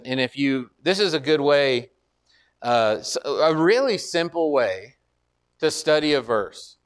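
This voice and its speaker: Here a man with a clean, slightly bright tone preaches with earnest conviction. Repetition marks his build toward each point, and he climbs in pitch and intensity as he exhorts.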